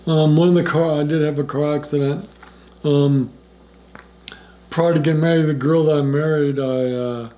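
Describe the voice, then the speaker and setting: Gravelly, low-toned man telling his story. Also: mellow. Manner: rambling, with many restarts and quoted dialogue. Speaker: interviewee in recovery. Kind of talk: personal recovery story.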